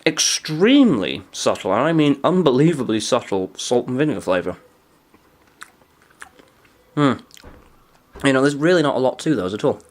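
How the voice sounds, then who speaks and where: Brief: young guy, food vlogger, lively up-and-down delivery, dry asides, mouth sometimes full. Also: mid-range voice, normal speed, pauses often. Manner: dry, chatty, talks while chewing. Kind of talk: casual food review vlog.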